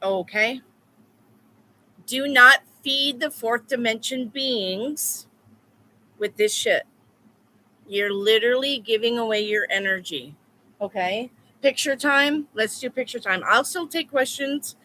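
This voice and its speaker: Blunt, bright-voiced woman tarot reader. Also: on the high side, slow pace, pauses often, slight background noise. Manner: blunt, repetitive, profane. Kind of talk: live-stream chat with viewers.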